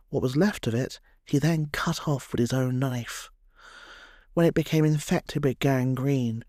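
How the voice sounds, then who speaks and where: A man's voice: mid-range voice, darkish tone, dry recording. A man narrating a scripted history tale in a wry storytelling way, with dry humorous asides.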